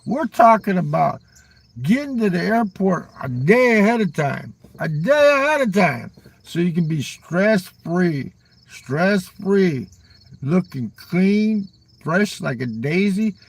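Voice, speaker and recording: An older man rambles through a live stream, cursing constantly and answering his chat. His husky, fry-laden voice sits a little above the usual male pitch. He sounds a bit distant from the microphone. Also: sing-song, slow, no room sound. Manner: profane, rambling, ends lines with "man"; talks back to chat viewers. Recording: voice a little far from the mic.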